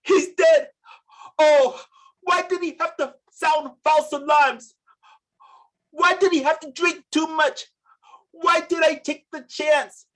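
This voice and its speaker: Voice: expressive, normal speed, close to an everyday voice, poor audio. A storyteller voicing a village wife who fusses over her drunken husband and mourns him. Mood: wailing grief. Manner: high, wailing lament.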